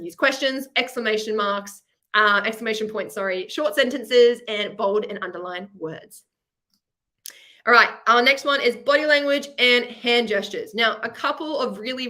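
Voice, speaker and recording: Bright, chatty Australian woman teaching. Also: mid-range voice. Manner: chatty, encouraging, explains with examples. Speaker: presenter of a student masterclass. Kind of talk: upbeat teaching webinar.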